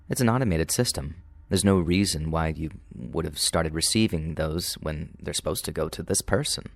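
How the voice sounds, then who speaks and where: A man narrating true paranormal stories in a calm, steady, scripted way. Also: low voice, no echo. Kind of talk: scripted horror story narration.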